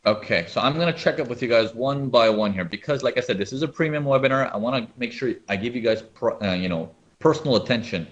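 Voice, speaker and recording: Man, trading educator, live webinar, animated, keeps asking viewers questions, dull lo-fi sound. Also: mid-range voice, fast, few pauses. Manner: animated, asks viewers often.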